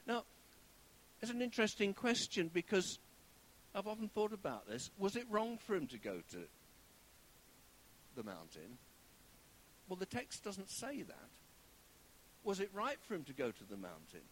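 Preacher guy, high voice swinging all over, faint hiss on the tape. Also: moderate pace, long pauses. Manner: animated storytelling, drops to a hushed whisper for God's voice. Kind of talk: sermon.

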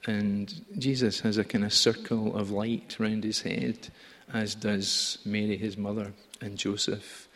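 Low-voiced preacher in an echoing church. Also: male voice, little pitch movement, measured pace. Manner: conversational, gently humorous storytelling. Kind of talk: sermon.

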